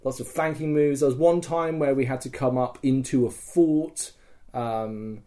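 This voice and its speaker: A man hosting a podcast, telling a story in casual chat, excited and rambling with lots of fillers. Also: mid-range voice, measured pace. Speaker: podcast host.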